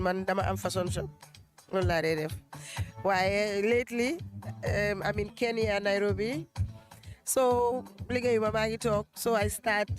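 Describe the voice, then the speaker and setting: Woman interviewee, hoarse from two days outdoors, chatty and laughing, music loud behind her. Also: mid-range voice. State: losing her voice. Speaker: interviewee, event decorator and shop owner. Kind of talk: casual interview mixing Wolof and English. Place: outdoor gala event.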